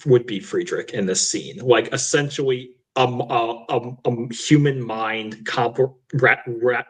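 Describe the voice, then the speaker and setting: Man, husky voice, thoughtful, analytical, casual film podcast. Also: fairly low pitch, fairly bright tone, low-quality recording. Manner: thoughtful, builds long analytical sentences. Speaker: podcast co-host.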